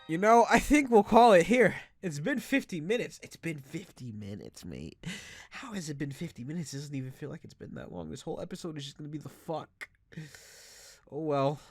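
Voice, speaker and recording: A man's voice: on the high side, sing-song, a little fast, dry recording. Giggly drunk man commenting on a game. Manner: giggly, swearing, rambling. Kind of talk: casual let's play commentary.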